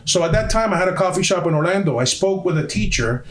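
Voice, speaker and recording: Fast-talking heated man, roomy echo. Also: sits high, lively intonation. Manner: heated, swears often, fast and emphatic. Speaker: podcast guest. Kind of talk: casual storytelling.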